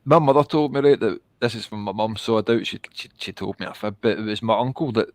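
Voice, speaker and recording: A man's voice: on the low side, fast talker, no room sound. A man from the east end of Glasgow with a Glaswegian Scottish accent, chatting bluntly and often calling the other man mate. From Scotland, east end of Glasgow. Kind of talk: casual chat.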